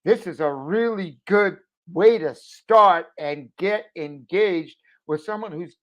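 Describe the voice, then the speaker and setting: A middle-aged man giving an emphatic promotional pep talk to camera as a business owner, urging listeners to act, with his voice swinging between loud and hushed. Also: high voice, measured pace. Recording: dull lo-fi audio.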